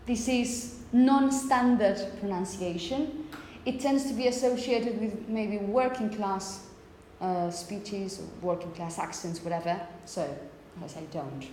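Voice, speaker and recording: Warm and mid-range, this woman's voice carries through an echoey classroom full of long reverb and a faint hiss. Giving a phonetics lecture, she goes slowly, repeats points many times, and keeps asking "okay?"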